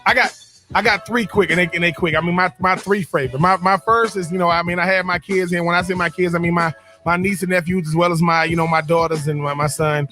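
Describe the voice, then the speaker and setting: A man's voice: high voice, fairly even intonation, quick pace, sharp tone, soft background music. A man, co-hosting a radio show, telling stories in a casual chat with frequent repeats and laughs. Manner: repeats words and restarts, laughs often.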